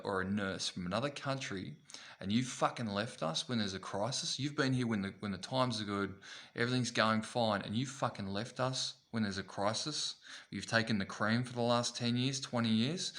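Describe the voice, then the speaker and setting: A man's voice: lowish voice, fairly bright tone. An Australian man ranting to camera in a vlog, blunt and heavy with swearing and repetition. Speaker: vlogger.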